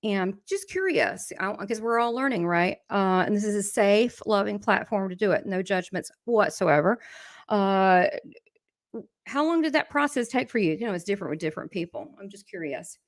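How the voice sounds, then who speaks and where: A woman's voice: mid-range voice, animated, moderate pace, no echo. Middle-aged woman chatting on a livestream, laughs a lot, reads the chat, dry close sound. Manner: chatty, laughs often, addresses viewers directly. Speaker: livestream host and spiritual coach. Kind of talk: casual livestream talk reading chat.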